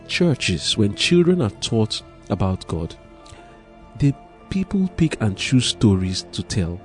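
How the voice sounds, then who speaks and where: A man preaches with a dark, mellow, fairly low voice. He reads scripture aloud and comments on it earnestly, moving between hushed passages and emphatic ones. Faint music plays underneath. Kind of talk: sermon with scripture reading.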